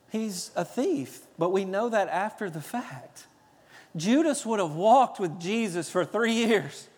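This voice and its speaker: A pastor preaching with a high-pitched voice that carries a long reverb, as in a large hall. He swings from quiet, low stretches to loud, raised bursts, preaching with drive. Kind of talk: sermon.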